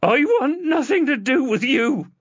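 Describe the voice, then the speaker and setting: Male narrator doing a shrill, hysterical teen girl yelling, muffled lo-fi audiobook sound. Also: measured pace, no room sound. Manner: shrill, hysterical shouting and sobbing. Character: furious screaming teenage girl.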